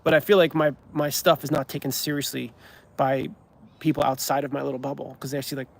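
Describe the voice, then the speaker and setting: A man's voice: medium pitch, level tone, quick pace, gravelly. A man, a comedy creator, chatting casually on a livestream, rambling with many restarts and ums. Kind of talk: livestream chat.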